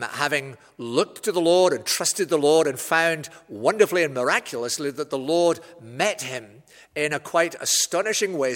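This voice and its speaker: A man preaching an expository sermon, measured and explanatory, with wry asides. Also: on the high side, a bit bright. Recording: echoey hall.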